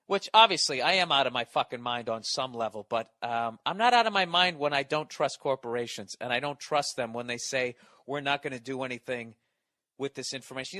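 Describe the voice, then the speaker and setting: Male comedian, ranting monologue, profane, exasperated, bright voice, dry sound. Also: medium pitch, no room sound. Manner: profane, exasperated, stammering restarts. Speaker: comedian podcast host.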